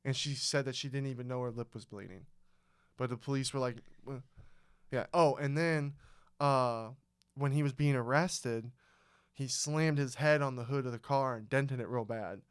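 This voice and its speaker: A man's voice: mid-range voice, moderate pace, clear, resonant tone, no room sound, clean studio sound. A man co-hosting a casual podcast, talking animatedly, swearing often and acting out scenes as he tells them. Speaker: podcast co-host, former fighter.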